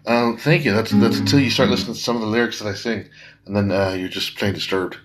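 A man singing to his own guitar on a live stream, then chatting fast and loosely, swearing and laughing between songs. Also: fairly low pitch, steady tone, rough recording. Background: guitar and music.

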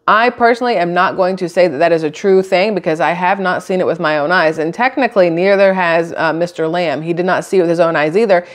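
A woman with a lower-pitched voice talks straight to her camera microphone. She reads news items aloud and then cuts in with blunt, chatty opinions of her own. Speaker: channel host. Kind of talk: casual commentary reading news.

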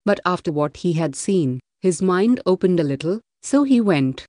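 Low, mellow woman reading aloud. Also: expressive, moderate pace, dry recording, studio quality. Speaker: audiobook narrator. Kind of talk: scripted reading of a religious text.

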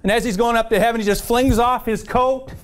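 Guy preaching at church, fairly high voice, keeps calling for amens, stumbles and restarts a lot. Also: fairly even intonation, brisk, smooth. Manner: call-and-response preaching, keeps asking the congregation "amen?"; storytelling with repeated restarts. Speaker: pastor. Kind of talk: sermon. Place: church service.

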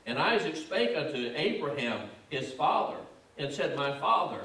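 A man's voice: a little high, sing-song, moderate pace, fairly bright tone. A man preaching a sermon, reading scripture and building to emphatic, repetitive exhortation. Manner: emphatic, repetitive preaching cadence with rising fervor. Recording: echoey room, distant mic.

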